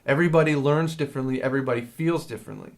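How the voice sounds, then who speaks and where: A man with a mid-range voice gives a drum lesson in a casual, rambling way, hesitating and filling pauses as he explains. It's captured on a handheld field recorder.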